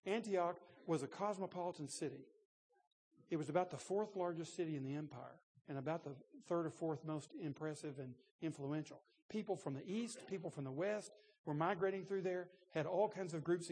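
A man's voice: fairly high pitch, mellow, breathy edge. A man in his sixties preaching a sermon, telling a personal story in a conversational way with laughs and restarts. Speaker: pastor. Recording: long reverb in a large room.

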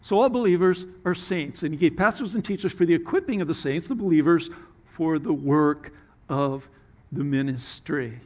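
A man preaching a sermon as pastor, earnest, with sudden drops into soft, hushed asides. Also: a little high, moderate pace.

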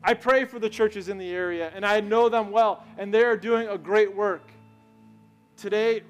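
A man's voice: high-pitched, steady tone, normal speed, dull audio, soft background music. A man giving a conversational sermon as pastor, telling stories and asking his congregation questions. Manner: conversational, storytelling, asks the crowd questions. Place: church sanctuary.

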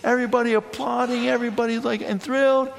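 Guy preaching sunday sermon, chatty and animated, lots of asides, echoey church. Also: very high-pitched, fast talker, vocal fry, a little hiss or hum. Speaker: priest.

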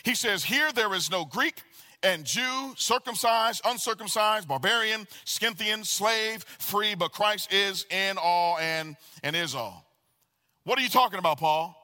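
A man preaching a sermon as pastor, animated and calling out to the congregation for responses. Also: high-pitched, a little slow. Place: church sanctuary. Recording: long reverb of a large hall.

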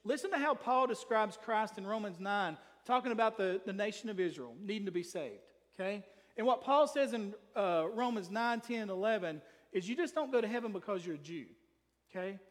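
A man's voice: high-pitched, lively intonation, fairly quick. A man preaching an emphatic sermon in a church, reading scripture aloud as pastor. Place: church sanctuary. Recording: long reverb from a large hall.

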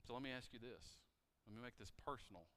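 A man preaching a sermon in a church, asking the congregation questions and moving between loud emphasis and quiet appeals. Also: medium pitch, quick pace. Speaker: pastor. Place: church sanctuary. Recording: reverberant church hall, mic cutting out.

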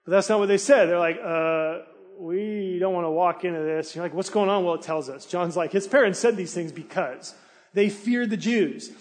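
A man preaching as a pastor in a large church hall, his voice pitched high for a man. He tells the story with lively, animated energy, slipping into the townspeople's voices. Long reverb trails each phrase. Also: brisk. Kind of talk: sermon.

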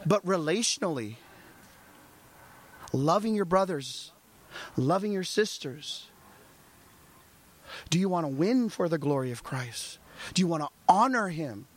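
A man preaches a sermon in an animated way. His voice sits a little high, and he keeps firing rhetorical questions at the congregation. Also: measured pace, pauses often. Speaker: pastor.

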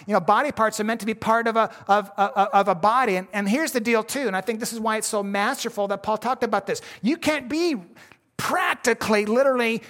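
A man's voice: high-pitched, brisk, fairly bright tone. Folksy male pastor preaching a sermon. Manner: conversational, folksy preaching with frequent restarts.

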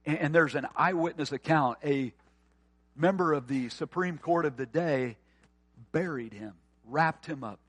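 A man preaching a sermon, earnest and often quiet and tender, then rising to forceful emphasis. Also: on the high side, measured pace, husky, no echo. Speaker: pastor.

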